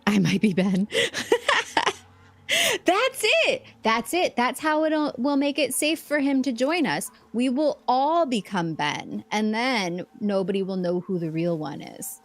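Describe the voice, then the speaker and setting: Unhurried, playful woman streamer chatting. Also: a little high, animated. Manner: chatty, playful, laughs often. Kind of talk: casual live-stream chat while gaming.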